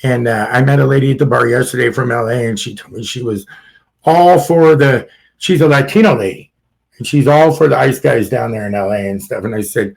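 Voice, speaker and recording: A man's voice: mid-range voice, brisk, gravelly, darkish tone, low-quality recording. A man hosting a podcast in casual political chat, blunt and rambling, swearing freely and laughing at his own jokes. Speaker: podcast host.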